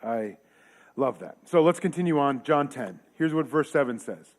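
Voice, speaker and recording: A man's voice: medium pitch, lively intonation, moderate pace. A man preaching a casual sermon in a church, talking conversationally with joking asides and rhetorical questions. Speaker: pastor.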